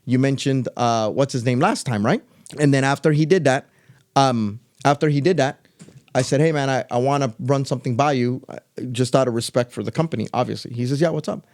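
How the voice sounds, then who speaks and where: Fast-talking animated storytelling man. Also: mid-range voice. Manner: animated, loose storyteller who acts out other people's lines. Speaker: podcast co-host. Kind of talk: casual storytelling chat.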